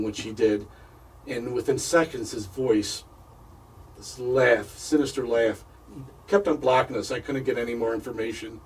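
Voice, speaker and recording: Halting man telling a story from afar. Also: mid-range voice, steady tone, slightly rough, distant mic, poor audio. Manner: halting, repeats words, stops and restarts. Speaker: paranormal investigator guest. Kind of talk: telling a personal story in a radio interview.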